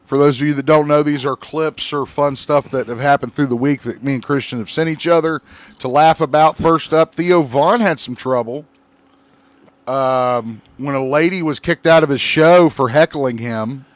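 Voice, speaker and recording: A man's voice: a little high, normal speed, no room sound. A man co-hosting a podcast in casual chat, loose and rambling with many fillers and restarts. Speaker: podcast co-host.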